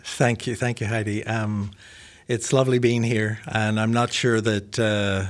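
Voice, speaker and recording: Older pastor with Irish-American accent, chatty guest, self-mocking humor. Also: male voice, on the low side, little pitch movement, measured pace. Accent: Northern Irish mixed with American. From Northern Ireland. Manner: chatty, self-deprecating, laughs at his own jokes. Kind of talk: casual interview conversation.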